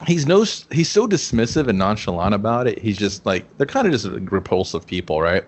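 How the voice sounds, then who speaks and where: A man's voice: fairly low pitch, big pitch swings, a little fast. A man co-hosting a casual movie review podcast, swearing freely and acting out characters' lines as he retells scenes. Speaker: podcast co-host.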